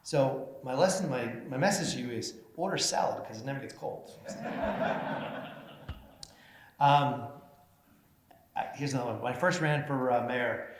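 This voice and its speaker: A man's voice: medium pitch, normal speed. A middle-aged man giving a humorous speech, telling self-deprecating stories full of fillers and acted-out voices. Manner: self-deprecating, acts out voices in his anecdotes, many fillers. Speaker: mayor giving an award speech. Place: banquet hall at a chamber of commerce meeting. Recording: roomy hall with faint noise.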